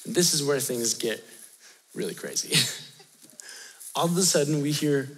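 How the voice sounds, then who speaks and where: A man with a high voice tells a story in a youth sermon, animated and chatty, laughing often as he talks straight to the students. His voice carries a long reverb from a large hall. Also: a little slow, slightly rough. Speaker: youth pastor.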